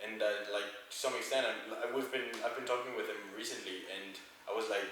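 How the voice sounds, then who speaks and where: A man's voice: lowish voice, steady tone, brisk, few pauses, bright, forceful tone, a little hiss or hum. A young man from France with a French accent, chatting casually as an interviewee and rambling with lots of fillers. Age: young adult. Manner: rambling, many "like" fillers and restarts. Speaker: interviewee, medical student. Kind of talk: casual conversation. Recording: echoey, distant mic, faint ambience.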